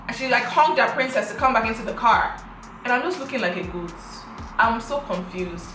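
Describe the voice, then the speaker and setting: A young woman in her twenties narrates a dramatic storytime, throwing rhetorical questions at her viewers. Her voice is bright and sits a little high. The room around her is echoey, with faint music underneath. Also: fairly quick. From Africa. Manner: animated, dramatic retelling full of rhetorical questions. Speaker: vlogger. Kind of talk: storytime vlog.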